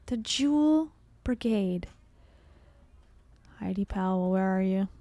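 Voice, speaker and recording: A woman's voice: medium pitch, animated, slow, dark tone, dry recording. A woman hosting a casual livestream commentary, chatty and rambling, with sarcastic asides and frequent laughs.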